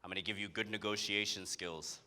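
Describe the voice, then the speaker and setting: Super deep slow god voice, a south african comic putting it on, grand and solemn, bright edge. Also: male voice, steady tone. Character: God, a booming deep-voiced male deity.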